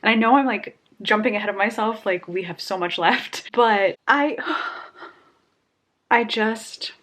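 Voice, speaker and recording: A woman's voice: medium pitch, a little slow, a bit bright. A young woman vlogging about a book she is reading, talking casually and getting emotional, sighing and exclaiming.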